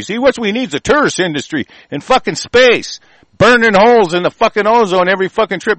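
A man's voice: high voice, a bit bright, no room sound. A man delivering a heated, rambling rant, swearing constantly and stumbling over restarts. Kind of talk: angry profane rant.

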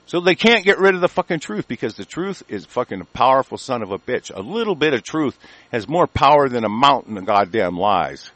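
A man's voice: mid-range voice, big pitch swings, fairly quick, fairly bright tone, dry recording. A man from the United States ranting as a talk radio host, angry and profane, with frequent stammered restarts.

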